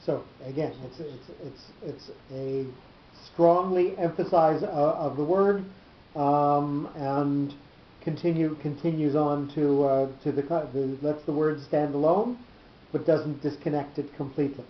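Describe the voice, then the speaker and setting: A man teaching a small class at a measured, halting pace, circling back over his own words as he explains. His voice sits a little higher than most men's. The room is echoey and the recording is dull and lo-fi with a faint hiss. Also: steady tone. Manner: measured, halting, repeats words while thinking.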